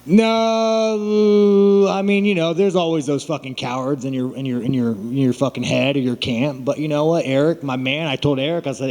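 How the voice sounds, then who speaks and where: A man's voice: mid-range voice, steady tone, moderate pace, a little mellow, long reverb tail. A man at a press media day, talking in a crude, rambling, mocking way with constant swearing. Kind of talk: profane brash press interview.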